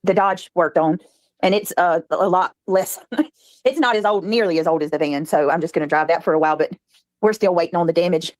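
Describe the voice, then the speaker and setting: A woman's voice: on the low side, brisk, dry recording. A woman, chatting casually on her livestream and reading viewer comments.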